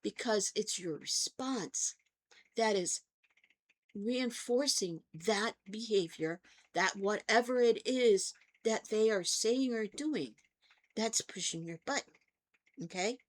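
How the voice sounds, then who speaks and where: A woman's voice: mid-range voice, slow. An older woman hosting her own vlog, telling stories in a chatty way and checking in with her listeners as she goes. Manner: chatty storytelling, often checks in with "okay?". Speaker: vlog host and therapist. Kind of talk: casual talk to camera.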